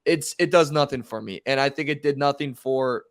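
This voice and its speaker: Man, podcast co-host, casual sports talk, laid-back, mid pitch, dry close sound. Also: moderate pace, clear, resonant tone, no echo. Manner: laid-back, uses everyday comparisons.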